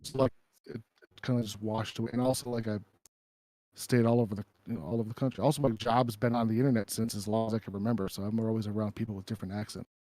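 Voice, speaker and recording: A man's voice: on the low side, steady tone, quick pace, warm tone, no echo. A man hosting a casual crypto chat from home, loose and joking, swearing now and then. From Minnesota. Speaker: crypto stream host. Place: home, rural.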